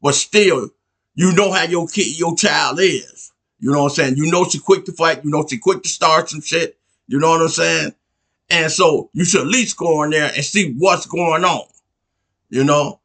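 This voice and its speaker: A man's voice: on the high side, normal speed, a bit bright. A man hosting a podcast, telling a story in a rambling, conversational way and often checking in with "you know what I'm saying". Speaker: podcast host. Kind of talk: casual storytelling.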